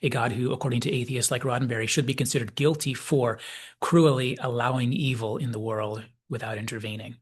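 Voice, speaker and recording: A man delivers a measured, reflective commentary in a husky, slightly breathy voice at an ordinary male pitch. He walks through the ideas step by step, pausing to read quoted dialogue. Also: fairly even intonation. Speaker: video essay host. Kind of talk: analytical commentary.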